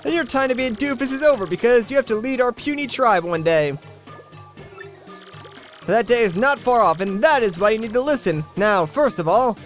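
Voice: mid-range voice, close to an everyday voice. A gamer voicing a grumpy, bossy old female tree-creature elder while reading a video game's dialogue aloud, in a scolding, impatient, folksy manner. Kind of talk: Let's Play dialogue reading.

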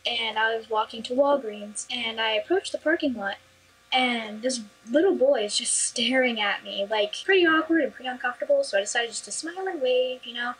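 A woman's voice: a little high, slightly rough, poor audio. A teenage girl telling her own story in a sassy, defiant, chatty way, often saying "like". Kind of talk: recorded personal story.

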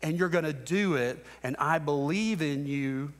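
In a church sanctuary, a pastor in his thirties preaches from the pulpit with an earnest, exhorting delivery. His voice is on the high side and measured in pace, and he hammers points home by repeating short phrases under a long church reverb.

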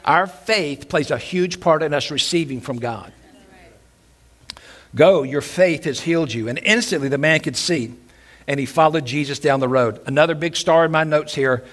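Animated preaching man. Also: fairly high pitch. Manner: animated preaching, acts out shouted quotes, repeats phrases. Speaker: pastor. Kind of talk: sermon. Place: church sanctuary.

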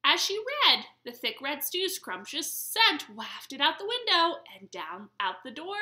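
Sing-song animated American woman librarian. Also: high-pitched, unhurried, few pauses. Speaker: children's librarian. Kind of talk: baby storytime read-aloud.

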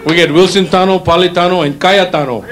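A middle-aged man with a Hawaiian Pidgin accent speaks fast in a high, steady voice while teasing audience members during stand-up crowd work. He's performing on a hotel showroom stage, and the live recording picks up laughter and crowd noise.

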